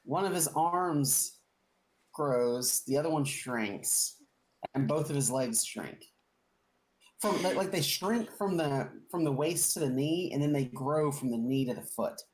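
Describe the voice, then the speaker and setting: A man's voice: a little high, a little slow, slight background noise. A man running a tabletop game as game master, describing the scene with playful, rambling detail.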